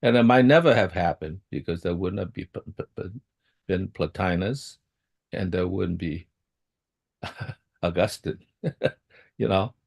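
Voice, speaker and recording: A man in a group discussion speaks hesitantly and restarts often. His voice is low and gravelly, with a creaky edge. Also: unhurried, pauses often, darkish tone. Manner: hesitant, laughing asides. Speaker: discussion participant.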